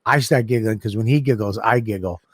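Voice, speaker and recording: A middle-aged man co-hosting a podcast, telling animated, profane stories in casual chat. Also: fairly low pitch, a little fast, breathy edge, dry recording. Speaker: podcast co-host.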